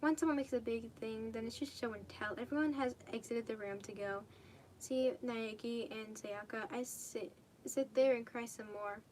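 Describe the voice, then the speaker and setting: A woman's voice: a little high, normal speed, a little mellow, a little hiss or hum. A young woman reading fan fiction aloud casually, stumbling and correcting herself and tossing in swearing asides. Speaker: fanfic reader.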